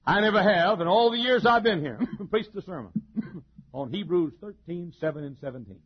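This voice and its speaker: A male pastor preaches in a folksy, joking way, often chuckling and swinging from loud to soft. His voice sits high and moves in wide, lively leaps, with a husky edge. The recording is dull and lo-fi. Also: normal speed. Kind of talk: sermon.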